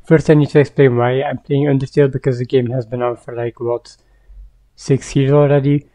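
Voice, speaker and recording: Low-voiced woman rambling through a game. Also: flat delivery, fairly quick, warm tone. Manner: chatty, rambling, lots of fillers. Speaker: gaming youtuber. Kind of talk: casual game commentary. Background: game music.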